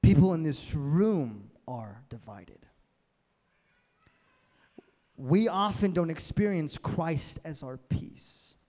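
A man's voice: medium pitch, mellow. A male pastor giving a sermon, conversational and building to emphatic peaks. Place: church hall with long reverb. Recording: reverberant hall sound.

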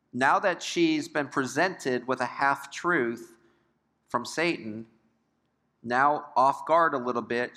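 Older man teaching Bible study, bright. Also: mid-range voice. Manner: conversational, asks the class questions, joking asides.

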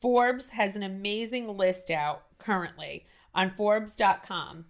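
A middle-aged woman with a strong New Jersey accent hosts a casual podcast chat at a medium pitch and a slow pace. She's loud and gushing, tripping over her words and trailing into restarted sentences.

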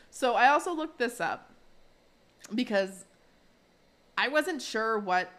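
A woman's voice: a little high, lively intonation, slow pace, a bit bright. A young adult woman chatting on a podcast, recapping a story with frequent giggles. She slips into playful character voices as she retells scenes, easygoing and talkative. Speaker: podcast co-host recapping an episode. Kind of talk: casual chat.

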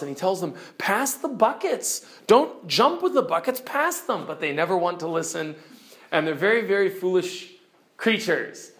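Male storyteller, slightly high voice, slow and expressive; shifts loud to hushed. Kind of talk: animated book retelling.

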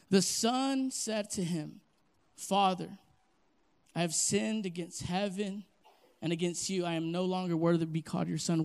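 A young male pastor with a high-pitched voice preaches with plenty of energy. He drops to soft, slow phrases, then swells into loud, punchy lines. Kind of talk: sermon.

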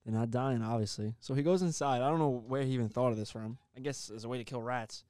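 A man's voice: medium pitch, fast, clear, resonant tone, no echo. Young man telling a wild story, very dry sound. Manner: animated, swears a lot, laughs mid-story. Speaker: podcast co-host. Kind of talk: casual storytelling chat.

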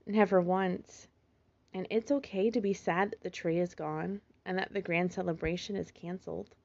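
A woman voicing a gentle mother fox who talks in a calm, soothing, motherly way, in a slightly muffled recording. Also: fairly low pitch, normal speed, gravelly.

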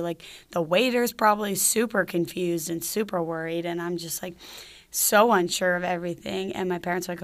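A young woman from Georgia in the US, telling a story from her own life. She sounds casual and chatty and drops "like" into nearly every sentence. Her voice sits a little low for a woman. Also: steady tone, fairly quick. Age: young adult. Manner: chatty, full of "like" fillers.

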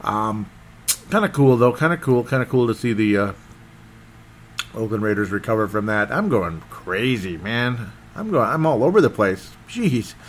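A man hosting a casual solo football recap, rambling and excitable and often losing his train of thought. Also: lowish voice, moderate pace, slight background noise. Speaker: sports podcast host.

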